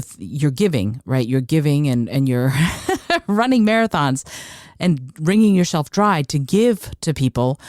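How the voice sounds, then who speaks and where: A woman's voice: low voice, warm tone, no echo. Woman doing a solo podcast, punchy and emphatic, repeats herself for emphasis, dry close sound. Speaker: podcast host.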